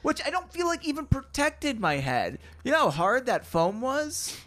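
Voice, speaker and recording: A man's voice: extremely high pitch, wildly swooping pitch, normal speed, a bit bright. A man co-hosting a podcast, chatting casually about a book in a playful, joking way and laughing often. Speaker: podcast co-host. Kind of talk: casual comedic book discussion.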